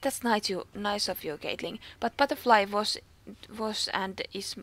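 A woman's voice: mid-range voice, expressive, a little slow, a bit bright. Woman reading as a hot-tempered stable keeper with a Finnish accent. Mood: worried. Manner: reads game dialogue aloud, stumbling and restarting words. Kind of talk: reading game dialogue aloud.

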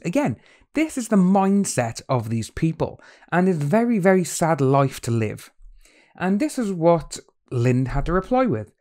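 A man's voice: on the high side, big pitch swings, unhurried, darkish tone. A man hosting a commentary video, talking in an exasperated, scornful way. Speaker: commentary channel host. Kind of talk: opinionated commentary.

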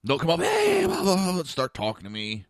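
A man's voice: mid-range voice, fairly quick, dry recording, clean studio sound. A man hosting a talk show, telling a blunt story in a casual monologue and acting out the other people's voices. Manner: blunt, animated, acts out quoted voices.

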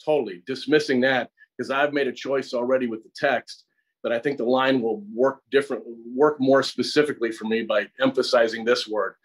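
A man's voice: mid-range voice, steady tone, a little fast, low-quality recording. A middle-aged man with an American accent, a guest actor and acting teacher who explains his process at length in a conversational interview, often restarting and repeating words. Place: acting studio.

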